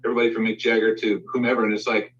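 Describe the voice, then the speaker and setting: A man's voice: fairly low pitch, very fast, far from the mic, muffled recording. A man telling a recording studio anecdote on a live video call, acting out the quotes. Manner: animated anecdote with acted-out quotes. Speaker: guest telling a studio story. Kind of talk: casual storytelling on a live stream.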